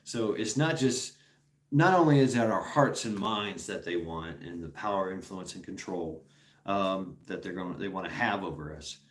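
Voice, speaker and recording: A man's voice: sits low, moderate pace, roomy sound. A man hosting a stream, talking casually with viewers in a rambling, profane way and laughing often. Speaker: streamer host.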